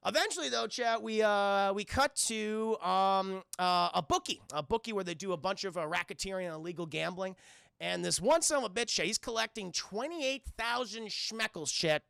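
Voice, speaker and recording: A man's voice: high voice, moderate pace, vocal fry, pushed and bright, clean tone, dry recording, clean studio sound. A man streaming a cartoon review, recapping scenes to his live chat in a rambling, profane, casual way with lots of restarts.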